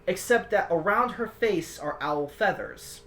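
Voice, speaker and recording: A woman's voice: fairly low pitch, animated, measured pace, fairly bright tone. A woman narrating a tabletop game as game master, in rambling descriptive narration with restarts.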